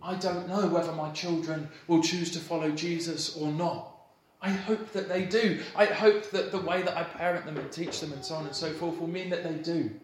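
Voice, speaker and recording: A man in his thirties, a pastor, giving a sermon in a church hall with a warm, playful storytelling manner and light laughter. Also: on the high side, fairly even intonation, moderate pace, hardly any pauses, slight background noise. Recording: roomy hall echo, faint ambience.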